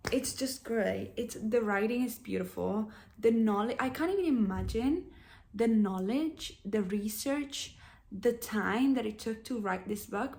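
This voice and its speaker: A young woman in her twenties chatting casually about books she is reading, animated and openly emotional. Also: medium pitch. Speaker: book vlogger. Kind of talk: casual chat.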